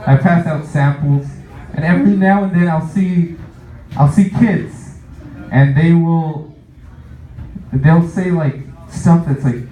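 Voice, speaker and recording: A man's voice: on the high side, takes it slowly, long pauses, mellow, slight background noise. A young man doing a stand-up comedy set, rambling with lots of fillers and laughing at his own jokes. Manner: rambling, filler-heavy, self-amused. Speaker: stand-up comic. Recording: echoey room, distant muffled mic.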